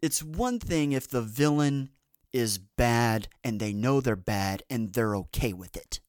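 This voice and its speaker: A man hosts a relaxed podcast conversation, drifting from one tangent to the next with plenty of "um"s and false starts. His voice sits at a middle pitch and sounds dry and close, with little room around it. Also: unhurried, no echo. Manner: rambling, many fillers and restarts. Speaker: podcast host. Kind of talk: casual podcast chat.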